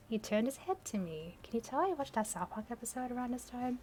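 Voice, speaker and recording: A woman's voice: on the high side, big pitch swings, moderate pace, hardly any pauses. A young woman reading her old teenage story aloud and mocking it with sarcastic, self-deprecating asides and frequent laughter. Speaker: channel host reading her teenage fan fiction aloud.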